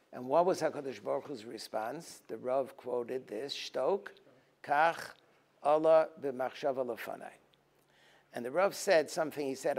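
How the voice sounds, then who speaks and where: A rabbi giving a teaching talk, telling stories and acting out their dialogue, sometimes rising to forceful emphasis and then dropping low. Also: male voice. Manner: storytelling, acting out dialogue in a lively voice. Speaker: rabbi and lecturer. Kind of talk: Tisha B'Av teaching talk.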